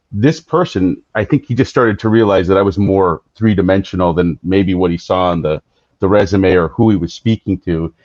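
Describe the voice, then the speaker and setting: A man hosting an interview, telling a reflective story in a relaxed way with many fillers. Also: lowish voice, no echo. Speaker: podcast host. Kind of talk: casual interview chat. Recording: slightly dull, dry sound.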